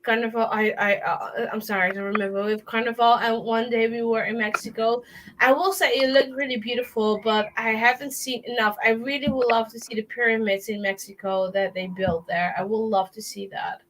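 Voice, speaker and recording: Woman, foreign accent, high voice, giggly, apologetic, casual stream chat. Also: fairly even intonation, brisk, a little hiss or hum, low-quality recording. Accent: non-native English. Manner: apologetic, giggly, searches for words.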